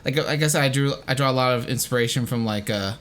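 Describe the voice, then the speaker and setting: A man's voice: medium pitch, quick pace, a bit bright. A young man hosting a casual commentary on his own animation, rambling with many hedges and restarts. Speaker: host and animation creator.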